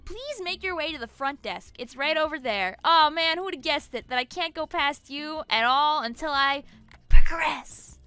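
A young woman streaming a video game, chatting excitably, giggling and shrieking at the screen. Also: sits high, moderate pace. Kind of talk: gameplay commentary.

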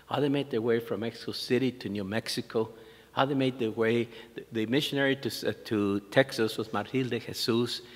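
An older man, a priest, lecturing in an anecdotal storytelling way with many restarts and fillers. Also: medium pitch. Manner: anecdotal, warm chuckles, frequent restarts and "uh" fillers. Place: lecture hall. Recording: long hall reverb.

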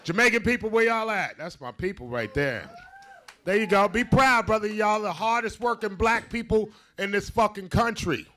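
A man from Haiti doing a loud, profane stand-up set, acting out the people in his stories. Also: sits high, lively intonation, moderate pace, a little hiss or hum. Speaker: stand-up comedian. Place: comedy club stage with live audience. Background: audience laughter.

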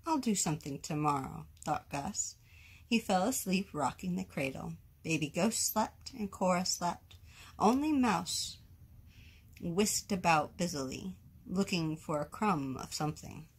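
A woman reads a children's ghost story aloud at an unhurried pace. Her lowish voice is a little husky, and her pitch swoops widely as she gives the characters their voices. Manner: slow, expressive read-aloud with character voices. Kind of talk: reading a picture book aloud.

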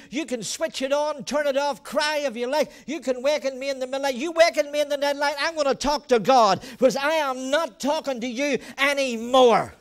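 A man preaching a sermon as pastor, fervent, swinging from shouted calls to quiet earnest talk. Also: very high voice, normal speed. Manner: storytelling with acted quotes and laughter.

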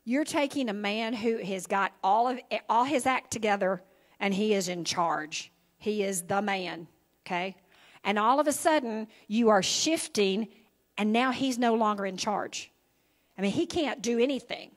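A woman with a mid-range voice preaches a little slowly during an evening service in a church sanctuary. She keeps it conversational, frequently checking in with her listeners through "okay?" and "right?".

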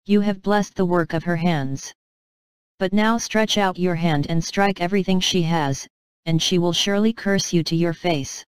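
A woman's voice: lowish voice, normal speed, smooth, no room sound, lightly acted. Woman doing a sly, malicious male accuser. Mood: scheming. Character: scheming male enemy of the king, malicious accuser.

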